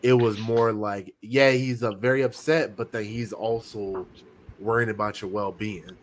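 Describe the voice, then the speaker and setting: A man's voice: lowish voice, steady tone, a little slow. A man on a casual podcast, speaking reflectively and a bit hesitantly about family and upbringing. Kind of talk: casual chat.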